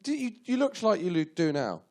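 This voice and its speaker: A male comedy host with a raised voice that swings wildly in pitch. He cuts into a guest's story with teasing questions, a faint hiss of noise under him. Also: big pitch swings, a little fast, a little mellow. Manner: teasing interjections. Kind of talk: live comedy panel hosting.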